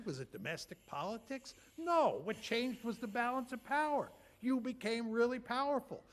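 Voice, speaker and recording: A man giving a lecture to an audience, blunt and emphatic, driving points home with rhetorical questions and repetition. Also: fairly high pitch. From United States.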